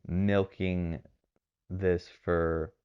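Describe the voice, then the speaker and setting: A man's voice: sits low, little pitch movement, very slow, smooth, lo-fi sound. A man from Texas hosting a podcast, giving rambling casual commentary with lots of fillers and hedges. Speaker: podcast host.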